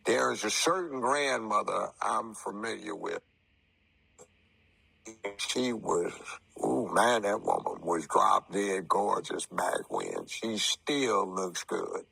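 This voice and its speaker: A man in his seventies, a retired TV judge, telling stories and giving his views slowly and deliberately, with some formal word choices. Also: on the low side, lively intonation, vocal fry, bright, forceful tone, breathy edge, dry recording, rough recording. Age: 70s. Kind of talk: interview talk.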